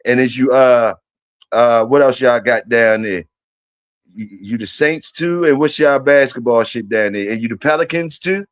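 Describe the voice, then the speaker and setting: A man hosts a live stream in a loose, rambling, profane chat, tossing questions at his viewers. His voice sits at an ordinary middle pitch. The sound is close and dry. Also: normal speed, no echo.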